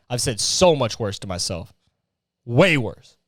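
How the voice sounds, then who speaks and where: A man's voice: fairly high pitch, very animated, brisk, a bit bright, no echo, clean studio sound. A young man hosting a solo comedy podcast, ranting profanely and acting out voices while sweating in a heatwave. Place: his hot bedroom.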